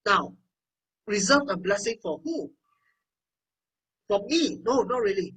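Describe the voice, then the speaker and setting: Preacher, husky voice, conversational sermon, scripture reading with asides. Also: medium pitch, lively intonation, a little slow, pauses often, a bit bright, distant mic, rough recording.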